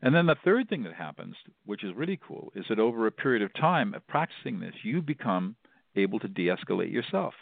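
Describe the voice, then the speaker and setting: A man's voice: on the low side, very animated, fairly quick, creaky, no room sound. A middle-aged man, a mediator being interviewed, explaining his methods in an earnest way and restarting phrases often. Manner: earnest, explanatory, repeats words when restarting. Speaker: mediator, guest. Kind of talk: interview answers. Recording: dry phone-like line.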